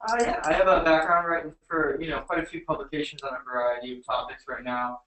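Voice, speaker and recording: A man's voice: a little high, steady tone, fast, fairly bright tone, a little hiss or hum. A man co-hosting a webcast in a casual way, often filling gaps with "you know". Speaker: staff writer, co-host. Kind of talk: casual chat. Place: same room as the host. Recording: echoey room, mic at a distance.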